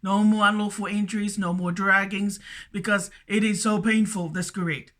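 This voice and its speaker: A female video blogger rambles through a solo monologue, stammering, repeating herself, and tacking "that's correct" onto her statements. Her voice is mid-range and a bit bright, with fairly even intonation and a moderate pace.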